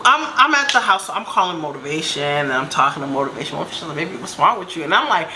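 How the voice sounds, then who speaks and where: A young woman casually telling a storytime, animated and laughing, acting out other people's lines in high voices. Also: fast talker, noisy background. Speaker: storyteller vlogger.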